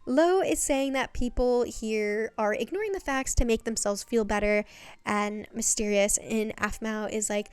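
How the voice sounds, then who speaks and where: Chatty young woman, slightly high voice. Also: a little slow, smooth, dry recording. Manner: chatty, swears, rhetorical questions. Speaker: video essayist. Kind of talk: casual recap monologue. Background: faint background music.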